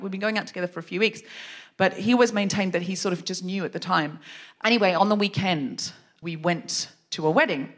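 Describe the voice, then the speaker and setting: A woman hosting a live comedy podcast on stage, telling stories in an animated way and laughing often. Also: medium pitch. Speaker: host. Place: live stage before an audience. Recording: live stage recording with audience noise.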